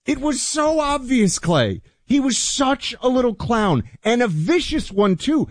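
A man's voice: very high voice, big pitch swings, a little slow, dry recording. Indignant talk-show man, dry close mic. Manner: indignant, rising to shouts. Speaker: co-host. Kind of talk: political talk radio commentary.

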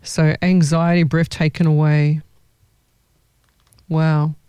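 Chatty psychic with a mellow voice. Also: medium pitch, flat delivery, slow, smooth, dry recording. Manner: chatty, rambling, restarts sentences. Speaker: psychic medium host. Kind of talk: live online psychic reading.

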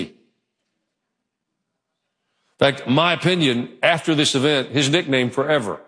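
A male pastor preaching a sermon in a church, telling the story with animated delivery. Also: mid-range voice, unhurried, pauses often. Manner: animated storytelling, acting out quoted voices. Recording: long hall reverb.

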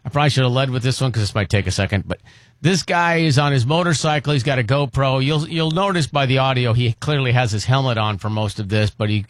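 A man hosting a morning radio show, telling a story with animated, teasing banter. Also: medium pitch, fast, no echo.

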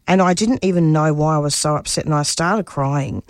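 A woman's voice: sits low, moderate pace, no echo, studio quality. Passionate middle-aged Australian woman guest. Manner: passionate, restarts often, voice rises when stirred. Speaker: community radio producer and interview guest. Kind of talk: personal interview talk.

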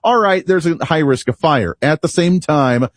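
A male talk radio host with a slightly raised pitch and a husky edge to his voice. He sounds dry and close, recorded in a studio. He talks in an animated, rambling way and often laughs at himself. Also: normal speed, dry recording. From United States. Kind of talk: opinionated talk radio monologue.

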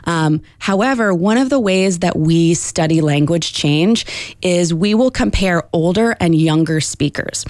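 A woman's voice: fairly low pitch, darkish tone, no room sound. A woman linguist in her thirties explaining in an interview, articulate and teacherly with some fillers.

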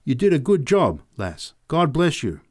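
Man putting on a big plain-talking working woman, motherly, bit higher voice, sure of herself. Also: huge pitch swings, unhurried, heavily acted. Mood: kindly. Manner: plain-spoken, folksy. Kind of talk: audiobook reading.

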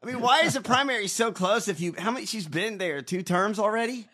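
A man's voice: sits high, brisk, pushed and bright. A man riffing on politics with blunt, scornful humor, cursing as he talks. His voice sits a little above the usual male range, and he leans hard on his jabs. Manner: blunt, mocking, swears a lot. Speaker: podcast co-host. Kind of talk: casual profane political commentary.

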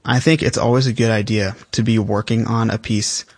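A teenage male percussionist answering interview questions in a relaxed, thoughtful way, with frequent fillers. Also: on the low side, brisk, no room sound. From South Carolina, US. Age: teens. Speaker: young percussionist guest.

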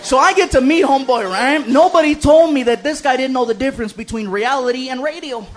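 Brief: male stand-up, very high voice, crowd noise behind. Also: fairly quick. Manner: chatty storytelling, slips into character voices. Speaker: comedian. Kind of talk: stand-up comedy. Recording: live club recording with audience. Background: audience noise.

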